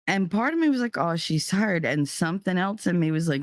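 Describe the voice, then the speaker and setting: A young adult woman hosting a podcast, telling a story with heavy profanity, her voice climbing into yelling in the tense parts. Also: deep voice, lively intonation, normal speed, few pauses, no echo, studio quality. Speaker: podcast host. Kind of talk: storytelling monologue.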